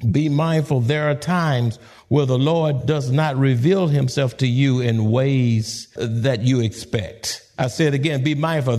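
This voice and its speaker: A male pastor preaching a sermon, repeating his points and swinging between a hushed near-whisper and sudden raised questions. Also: medium pitch. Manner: repetitive, rhetorical preaching.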